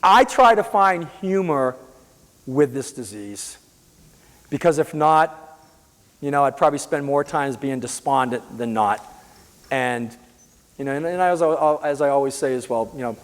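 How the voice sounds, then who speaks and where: A man from the Boston area telling his own illness story as a patient advocate, earnest and halting, with frequent restarts. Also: mid-range voice, long reverb tail. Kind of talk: personal storytelling.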